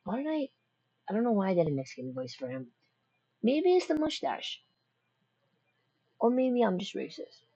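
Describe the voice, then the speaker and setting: Jokey rambling woman reacting to scary vids, kinda husky, dry dull mic. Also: mid-range voice, sing-song, normal speed, long pauses, dark tone, dry recording. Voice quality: rambling, jokey, self-interrupting. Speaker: reaction video creator. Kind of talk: casual reaction commentary.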